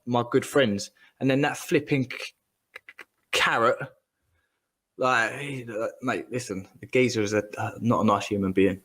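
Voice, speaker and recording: Guy ranting about someone, slangy and animated, keeps repeating himself. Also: mid-range voice, measured pace. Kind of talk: ranting casual chat.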